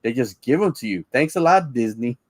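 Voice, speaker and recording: A man chatting casually on a live stream, voice at an ordinary middle pitch. He rambles, stumbles over repeated words as he gets going, and laughs readily. The sound is dry and close, with no room in it. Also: expressive, a little fast, no room sound. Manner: rambling, repeats words when starting sentences, laughs easily. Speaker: co-host of a live-streamed podcast.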